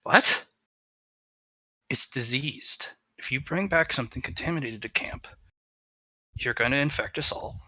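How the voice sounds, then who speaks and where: A man voicing a grim, wary veteran monster hunter who speaks low, quiet and threatening. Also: measured pace, pauses often, dry recording.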